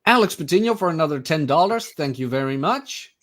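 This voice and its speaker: A man hosting a podcast, reading out donations and making quick wry remarks. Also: fairly high pitch, lively intonation, fairly bright tone. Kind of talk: casual podcast discussion.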